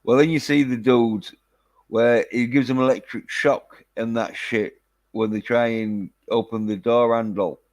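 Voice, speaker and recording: A man's voice: mid-range voice, steady tone, measured pace, a little mellow. A man casually chatting through a film review, rambling with lots of fillers and casual swearing. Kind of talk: casual chat.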